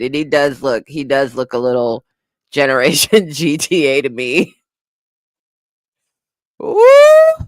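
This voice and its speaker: Laughing woman host, lively pitch. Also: no room sound, studio quality. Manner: laughing often, animated, lively. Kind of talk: casual commentary reading live chat.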